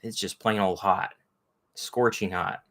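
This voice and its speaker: A man's voice: deep voice, fairly even intonation, slow, creaky, a bit bright. A man hosting a casual livestream, chatting with viewers in a rambling way and greeting them by name. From Texas. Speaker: livestream host. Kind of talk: casual live chat with viewers.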